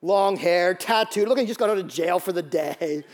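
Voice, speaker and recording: A man preaches with animated energy, telling stories and acting out quoted voices. His voice sits high for a man. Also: normal speed. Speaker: pastor. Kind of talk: sermon.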